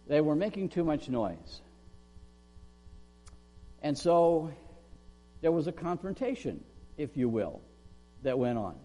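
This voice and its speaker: A male pastor preaching a sermon, asking the congregation questions and loudly acting out the words of the people in his story. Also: a little high, long reverb tail. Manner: animated preaching, asks the audience questions, acts out quotes loudly.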